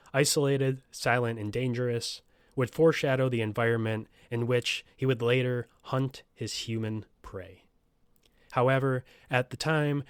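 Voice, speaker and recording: A male podcast host narrates a true crime story at a mid-range pitch. He reads from a script but drops into casual, swearing asides. The sound is close and dry, with no room reverb. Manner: profane, joking asides between scripted passages.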